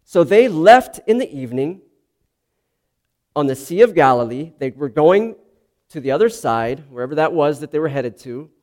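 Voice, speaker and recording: With a fairly high, slightly mellow voice, this very animated preacher explains his points earnestly and slowly, often starting sentences over and filling gaps with "um."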